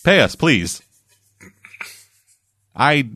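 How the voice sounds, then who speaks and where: Animated, swearing male podcast host. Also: medium pitch, a little fast. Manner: animated and swearing, with loose filler words. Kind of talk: casual podcast chat.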